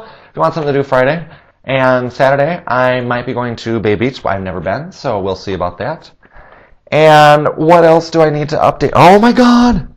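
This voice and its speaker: A man hosting a solo podcast, a little nasal, chatty and rambling, laughing at his own jokes. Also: highs cut off. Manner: acts out quoted voices in a higher pitch. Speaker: podcast host.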